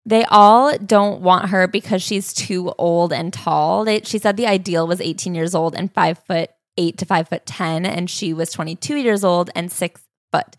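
A woman co-hosting a casual chat, retelling a memoir with wry, deadpan asides. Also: lowish voice, normal speed, few pauses, no room sound, clean studio sound. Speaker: podcast co-host.

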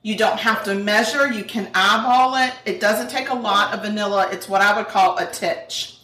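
A woman's voice: mid-range voice, moderate pace, pushed and bright. A woman hosting a cooking show, chatty and folksy, laughing often as she works in her kitchen. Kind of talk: casual kitchen chat. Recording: echoey room, mic at a distance.

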